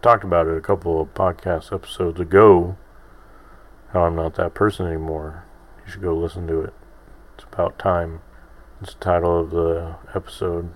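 A man's voice: low voice, flat delivery, moderate pace. A man in his thirties hosting a solo podcast, rambling and self-deprecating with lots of restarts. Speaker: podcast host. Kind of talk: casual solo podcast monologue.

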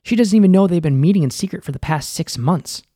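A man's voice: high-pitched, animated, fast, dark tone, husky, no room sound, clean studio sound. A young man giving a casual, profane breakdown of a TV episode, full of filler words. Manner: laid-back and profane, full of "like". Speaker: film and TV recap host.

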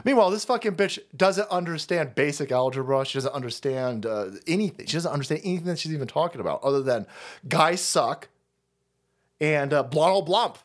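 Male streamer, foul-mouthed sarcastic rant, lively pitch that jumps all over. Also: brisk. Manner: profane, sarcastic, mocking. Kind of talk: livestream rant.

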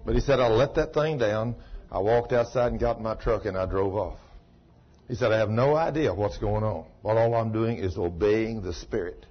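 A man preaches a sermon in a folksy, plain-spoken way, retelling a story and voicing its dialogue. His voice is husky and slightly raspy. The recording is muffled and lo-fi, like an old sermon tape. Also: on the low side, normal speed. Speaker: pastor.

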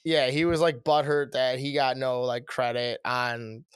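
A man's voice: medium pitch, level tone, unhurried, clear, resonant tone, no echo, clean studio sound. A young man co-hosting a podcast, telling rambling, profane stories in casual chat. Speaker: podcast co-host.

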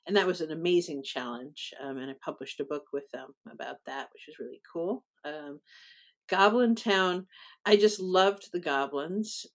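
A woman poet talking casually as an interview guest, rambling with frequent ums, uhs and restarts. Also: deep voice.

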